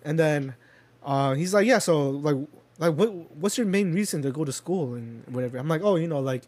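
Lively intonation and a slightly mellow, high-leaning voice mark this young man, who speaks a bit quickly. His relaxed, meandering story overflows with fillers and cursing, and he chuckles while telling it.

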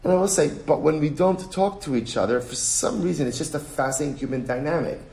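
A man teaching a text study lesson in an animated way, full of rhetorical questions. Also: a little high, brisk, gravelly. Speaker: Talmud teacher. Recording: roomy echo.

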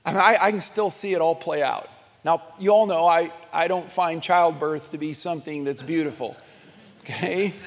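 Animated pastor in a reverberant hall. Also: male voice, fairly high pitch, moderate pace. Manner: conversational, animated storytelling with chuckles and restarts. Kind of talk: sermon.

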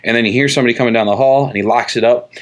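A man's voice: mid-range voice, fairly even intonation. Rambling man recapping a comic. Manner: rambling retelling, slips into quick voices for characters. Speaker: podcast co-host. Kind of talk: casual chat recapping a comic book. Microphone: tabletop mic across from co-host.

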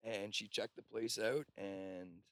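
A man's voice: on the low side, steady tone, slow, fairly bright tone, no echo. A man, host of an off-grid cabin, telling long rambling stories in casual conversation and swearing now and then.

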